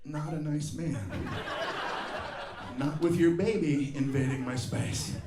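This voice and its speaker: A man's voice: fairly high pitch, steady tone, takes it slowly. A middle-aged man doing a profane, ranting stand-up comedy set, acting out other people's lines, recorded live in a comedy venue. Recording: roomy live venue with crowd laughter.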